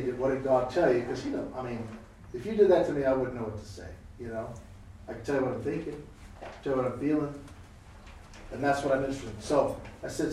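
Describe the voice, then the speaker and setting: A man's voice: a little high, a little hiss or hum. A man telling a story in a sermon about prayer, acting out the voices of the people in it. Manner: animated, acts out voices in anecdotes. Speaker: preacher. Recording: echoey room from far off.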